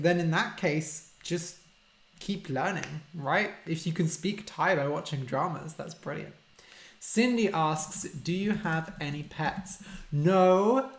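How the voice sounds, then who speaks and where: A man, a language teacher hosting a casual live-stream Q&A, reading out viewer questions and explaining simple words for learners. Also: on the high side. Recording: roomy echo.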